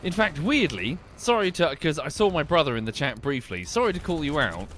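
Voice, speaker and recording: A man's voice: fairly high pitch, sing-song, a little fast, fairly bright tone, slight background noise. A young man with a well-spoken southern English accent, chatting casually and thinking aloud as he streams a game and thanks viewers. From England. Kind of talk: live gameplay commentary and chat.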